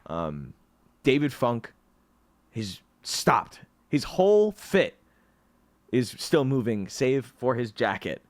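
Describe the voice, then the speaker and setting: A man's voice: medium pitch, sing-song, slow pace, a little hiss or hum. A young man narrating a tabletop game as game master, laughing often in a loose, profane way.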